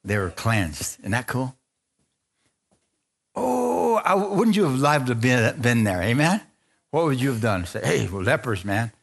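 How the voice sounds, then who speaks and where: A man preaching a sermon to a congregation, lively, laughing often and asking for amens as he retells scripture stories. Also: a little slow, creaky, long pauses. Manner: animated, asks the congregation for amens; laughs often, acts out quotes in a higher voice. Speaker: pastor.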